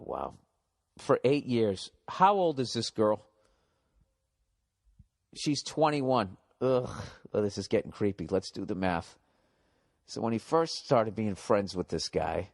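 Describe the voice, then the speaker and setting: A man hosting a comedy podcast, telling stories and reading listener mail in a blunt, profane, mocking way. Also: lowish voice. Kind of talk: casual podcast rant.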